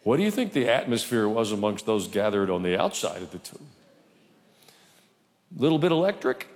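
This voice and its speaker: A man's voice: fairly low pitch, big pitch swings, normal speed. A male pastor preaching a sermon in church, conversational with humorous asides. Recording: reverberant church hall.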